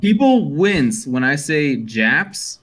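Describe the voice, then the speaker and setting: A man's voice: a little high, very animated, slow, fairly bright tone. A man asking blunt questions in a casual group voice chat. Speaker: stream chat participant.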